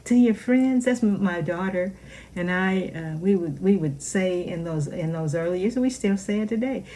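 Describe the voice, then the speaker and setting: Fervent woman preacher, loud then whispering. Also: mid-range voice, moderate pace, a little hiss or hum. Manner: fervent, swings from loud exclamations to hushed whispers. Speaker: minister. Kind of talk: sermon.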